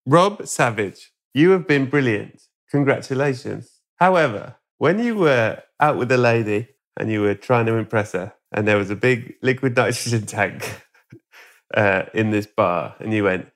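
A man's voice: medium pitch, normal speed. A man hosting a podcast, spinning a comic story in a playful, swearing, chatty way. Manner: playful, swearing, acts out voices. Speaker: podcast host.

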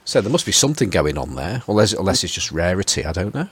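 A man's voice: sits low, sing-song, fast talker, slight background noise. A man hosting a casual group chat, talking hesitantly with many fillers and restarts. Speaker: podcast host.

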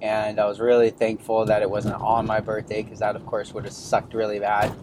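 A man's voice: on the low side, completely flat delivery, fairly quick, darkish tone, slight background noise. Rambling man in his thirties hosting. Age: 30s. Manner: rambling, many fillers and restarts. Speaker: podcast host. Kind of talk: casual personal storytelling.

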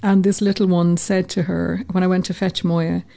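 A woman telling a personal story in an interview, lively and acting out the voices she quotes. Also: on the low side, normal speed, gravelly. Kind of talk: conversational storytelling.

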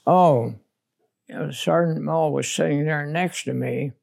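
An older man, a veteran interviewed for an oral history, recounts his war memories plainly and bluntly, matter-of-fact and unsentimental. His gravelly, rough-edged voice is a little high with a darkish tone, and he speaks unhurriedly.

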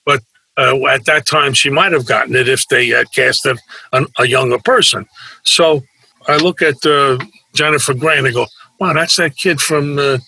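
A man's voice: medium pitch, normal speed, creaky, pushed and bright, poor audio. A man telling stories as an interview guest, a brash wisecracker who acts out the people he quotes. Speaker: guest, actor and nightclub performer. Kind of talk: casual anecdotal storytelling.

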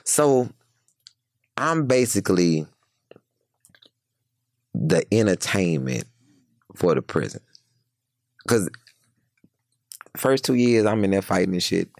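A man with a gravelly voice telling profane, animated stories from his past in a casual chat, acting out other people's lines. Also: low voice, takes it slowly, pauses often, no room sound, studio quality. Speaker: guest telling prison stories. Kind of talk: casual storytelling.

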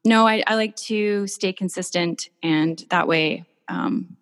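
A woman artist telling warm, gushing stories in a casual podcast chat, with many restarts. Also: lowish voice, slow. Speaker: painter, podcast guest. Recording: long hall reverb.

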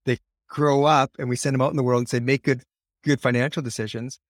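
On a podcast, a guest author talks earnestly and conversationally, repeating himself often for emphasis. His middle-pitched voice stays level and quick. The close-miked recording is dry with no echo.

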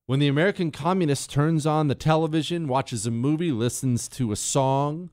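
Animated talk-radio man, crisp voice. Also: normal speed, no room sound, clean studio sound. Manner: animated storytelling, mimics people in high voices. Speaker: radio talk show host. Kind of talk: political talk monologue.

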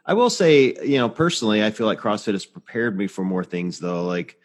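A man's voice: lowish voice, sing-song, fairly quick, in a large hall. A man in his forties, a podcast host telling stories in casual chat, blunt and swearing freely. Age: 40s.

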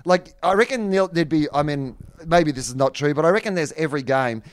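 A man's voice: on the high side, animated, fairly quick, clear, resonant tone, no room sound. An Australian man co-hosting a sports podcast, chatting casually with lots of fillers and some swearing. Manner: loose, swearing, frequent fillers. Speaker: podcast co-host.

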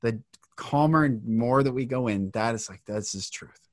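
A man's voice: mid-range voice, normal speed, no echo, studio quality. A man hosting a podcast in casual conversation, enthusiastic and affirming. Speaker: podcast host.

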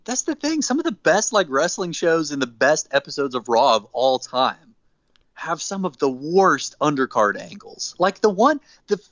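A man tells a story with a lively pitch that swings widely, acting out the voices he quotes. The recording is dry and a little dull. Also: moderate pace, no room sound. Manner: animated storyteller, acts out quotes. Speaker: podcast co-host. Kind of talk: casual chat, recapping wrestling. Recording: dull dry close mic.

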